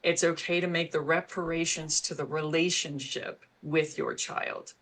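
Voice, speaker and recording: A woman guest on a parenting podcast, giving measured, emphatic advice in casual conversation. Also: low voice, steady tone, a bit bright.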